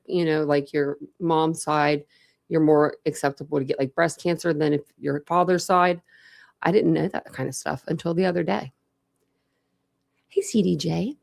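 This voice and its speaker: A woman's voice: sits low, fairly even intonation, moderate pace, gravelly. A young woman from Ohio hosting a true crime livestream, chatting loosely with viewers and wearing a retainer. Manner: rambling, chatty, many "like" fillers. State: talking around a dental retainer. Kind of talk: casual livestream chat, greeting viewers.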